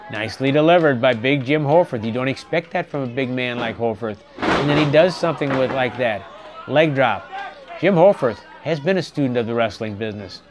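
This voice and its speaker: A man calling a wrestling match play by play, getting excited and shouting on the big moves. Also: mid-range voice. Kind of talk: play-by-play commentary. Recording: live arena crowd and noise behind. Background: cheering wrestling crowd.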